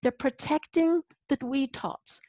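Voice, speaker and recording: A woman doing a prim, proper lady with a put-on Irish lilt, her voice pitched high and sing-song. The playful delivery is exaggerated and sits close and dry on the mic. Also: steady tone, slow, dark tone, no echo.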